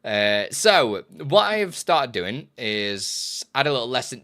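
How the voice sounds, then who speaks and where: A man streaming live, talking in a loose, rambling way and often restarting his sentences. His voice is bright and forward, sitting at an ordinary pitch for a man. He laughs easily between thoughts. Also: very animated, measured pace, few pauses. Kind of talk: casual live-stream chat.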